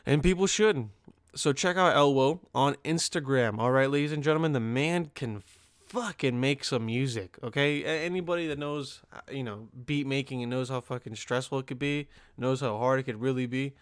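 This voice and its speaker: A man's voice: mid-range voice, normal speed, smooth, no echo, studio quality. A man hosting his own podcast, rambling casually in a profane, loose monologue full of fillers and restarts. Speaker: podcast host.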